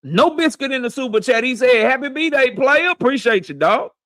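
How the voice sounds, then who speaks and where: A man hosting a boxing livestream who greets viewers by name in loud, slangy, profane banter. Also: extremely high pitch, expressive, normal speed, no room sound, clean studio sound. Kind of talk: casual livestream chat, shouting out viewers.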